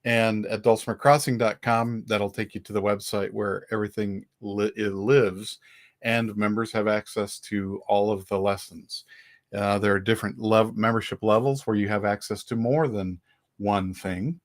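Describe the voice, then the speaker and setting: Male music teacher hosting a live stream, lowish voice, easygoing and chatty, counts and chants rhythms. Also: moderate pace. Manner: relaxed, chatty, with small restarts. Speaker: dulcimer teacher and host.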